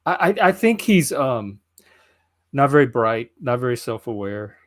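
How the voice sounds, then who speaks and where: A man's voice: mid-range voice, big pitch swings, unhurried. A man hosting a casual podcast, talking bluntly and critically, often thinking aloud. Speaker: podcast host. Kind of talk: casual chat.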